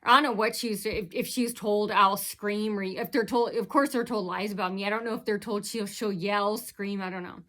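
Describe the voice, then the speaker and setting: A woman's voice: medium pitch, fairly even intonation, a little fast, hardly any pauses, fairly bright tone. A woman vlogger rambling through an aggrieved personal account, retelling who said what with many fillers and restarts.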